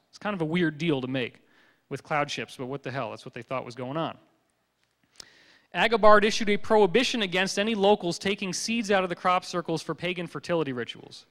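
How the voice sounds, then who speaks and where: A man giving a public lecture, telling stories in a joking, animated way. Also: high voice, fairly quick, in a large hall.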